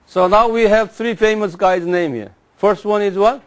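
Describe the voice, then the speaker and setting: A man giving a classroom lecture, repeating names slowly and having the class say them after him. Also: high-pitched, steady tone. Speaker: Bible teacher.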